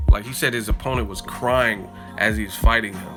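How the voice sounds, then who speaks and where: A man's voice: mid-range voice, brisk, few pauses. Male livestream host, mid-range voice, swearing freely while retelling stories over music. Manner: animated storytelling, profane, reads out donations. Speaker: host of a boxing live stream. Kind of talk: casual livestream chat.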